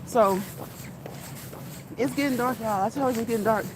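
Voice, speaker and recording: A woman's voice: on the high side, moderate pace, noisy background. A middle-aged woman talking casually to her viewers while walking outdoors, laughing often and repeating phrases for emphasis. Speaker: vlogger. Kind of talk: casual walk-and-talk vlog. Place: outdoors on a walk.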